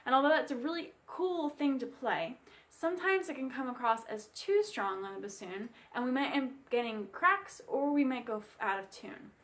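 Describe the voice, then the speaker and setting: A woman with a high, light voice gives a bassoon lesson. She explains each step in a clear, friendly teaching manner. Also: lively intonation, normal speed, fairly bright tone. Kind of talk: instructional music lesson.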